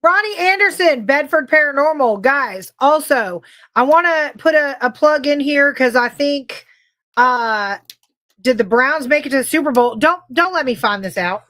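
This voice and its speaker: A bubbly woman co-hosts a casual livestream podcast, talking in a high, bright register. She rambles cheerfully between topics and breaks into laughter often, speaking into a desk mic. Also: expressive, moderate pace. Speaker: podcast co-host.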